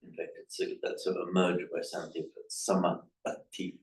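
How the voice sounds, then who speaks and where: A man teaching a language class, correcting his students' pronunciation in a halting, repetitive way. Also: sits low, level tone, gravelly. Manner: hesitant, repeats words, corrects pronunciation. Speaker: Pali teacher. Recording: echoey room, mic far off.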